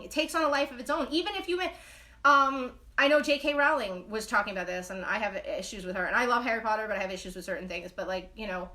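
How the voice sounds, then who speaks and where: A woman's voice: fairly high pitch, pushed and bright. A young adult woman hosting a live stream, chatting in a blunt, casual way, swearing freely and reading viewer comments off her phone. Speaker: host of a live knitting stream.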